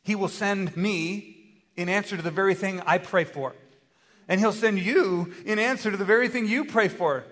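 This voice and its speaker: A male pastor delivers an animated sermon in a fairly high voice. He plays out conversations and throws questions to his congregation. His voice rings with a long reverb from a church sanctuary. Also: moderate pace. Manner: animated, acts out dialogue with God in varied voices; asks the congregation rhetorical questions.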